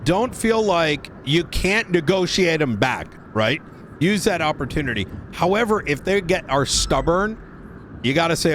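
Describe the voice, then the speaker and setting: A man's voice: a little high, measured pace, slight background noise. A man playing a police academy instructor, explaining things casually with plenty of fillers. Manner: casual, relaxed, filler-heavy. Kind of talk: briefing trainees in a game roleplay.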